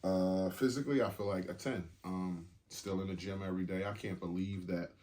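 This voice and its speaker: A man's voice: deep voice, fairly even intonation, a little fast, darkish tone. A man hosting a podcast in casual chat, laid-back and joking, swearing freely. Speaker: podcast host.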